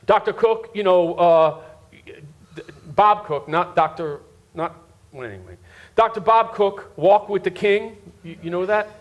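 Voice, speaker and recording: A man with a high voice preaches in an unhurried way, leaning on repeated words to drive each point home. He speaks straight to the congregation in front of him, asking whether they are following along. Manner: repeats words for emphasis, talks to the congregation directly. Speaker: pastor. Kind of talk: sermon. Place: church before a live congregation.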